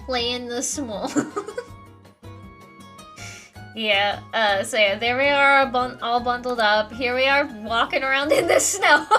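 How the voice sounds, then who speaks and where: High bright giggly young woman. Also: animated, measured pace, faint music behind. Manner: giggly, rambling, frequent laughter. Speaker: streamer. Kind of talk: casual chat stream.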